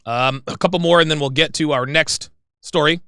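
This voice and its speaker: A man in his forties hosting a livestream in casual chat, rambling and excitable. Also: fairly high pitch, normal speed, clean tone, no echo, studio quality. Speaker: livestream host.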